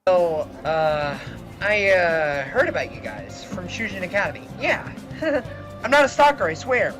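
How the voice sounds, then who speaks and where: A man voicing an overeager young male exchange student in a fan-made anime parody dub, squealing and hyper-energetic, recorded over a voice call. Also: high voice, unhurried. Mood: eager. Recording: music playing underneath. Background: background music.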